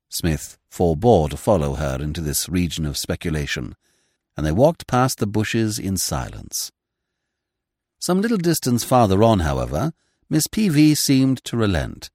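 Man, audiobook narrator, low voice, very expressive pitch, dry studio sound. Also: no echo. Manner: measured, expressive storytelling. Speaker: audiobook reader. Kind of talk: scripted narration of a classic comic novel.

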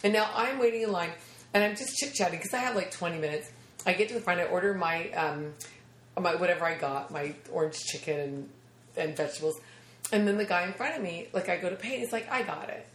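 A woman's voice: fairly low pitch, fast talker, roomy sound, slight background noise. A woman comedian in her thirties telling stories in casual chat, acting out other people's voices and laughing often. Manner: animated, acts out quoted voices, laughs often. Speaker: comedian guest.

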